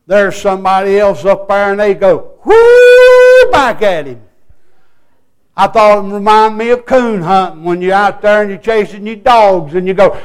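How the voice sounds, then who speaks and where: An older man preaching a sermon, telling folksy stories and breaking into loud whoops. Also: sits high, clean tone.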